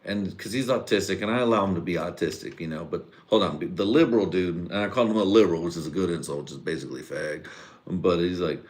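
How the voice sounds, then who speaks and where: The speaker is a podcast host, a grown father and husband, whose very deep, low voice carries a loose live-stream rant. He sounds tipsy, rambling and profane, laughing frequently as he talks fairly quickly.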